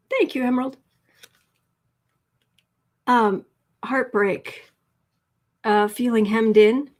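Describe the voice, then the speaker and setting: Excited, teary woman on a live stream. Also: on the high side. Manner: excited, emotional, laughing. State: teary, shaky voice. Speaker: tarot reader host. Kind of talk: emotional live-stream chat.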